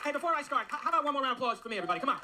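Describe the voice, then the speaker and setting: A man doing a stand-up set on a comedy club stage, firing off rapid self-mocking one-liners. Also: very high-pitched, very animated. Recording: very noisy live club recording with crowd.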